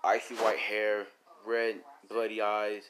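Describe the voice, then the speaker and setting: A man's voice: lowish voice, flat delivery, slow, a bit bright, slight background noise. A man improvising a fan story in a rambling, casual way, full of fillers and restarts.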